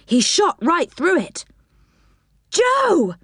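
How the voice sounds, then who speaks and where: A woman narrates a children's storybook with animated, expressive delivery. Her pitch moves freely through each sentence. The sound is close and dry. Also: unhurried, dry recording.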